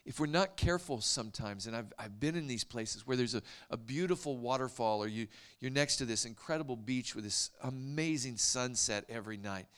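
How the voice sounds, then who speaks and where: A man preaching a storytelling sermon, animated and dropping to hushed whispers for emphasis. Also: medium pitch, a little fast, few pauses, clean tone.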